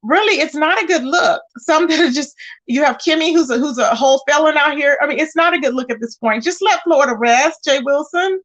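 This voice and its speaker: High-voiced sassy woman chatting live. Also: a little fast, fairly bright tone. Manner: chatty, sassy, greets viewers by name. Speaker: livestream host. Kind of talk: casual live chat, reading viewer comments.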